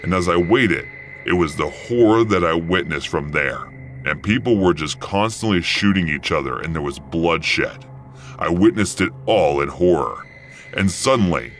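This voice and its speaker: Deep-voiced young man telling a horror story. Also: a bit bright. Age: young adult. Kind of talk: first-person story narration.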